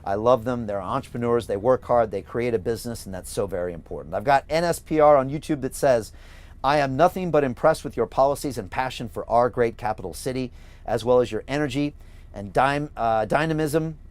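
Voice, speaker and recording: A man's voice: medium pitch, a little fast, darkish tone, dry recording. A middle-aged man with an American accent speaks in a mid-range voice, reading viewer comments aloud in a livestream. He pushes his points with emphatic, repetitive, rallying energy, like a campaigner urging people to vote. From California, USA. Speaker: host and mayoral candidate.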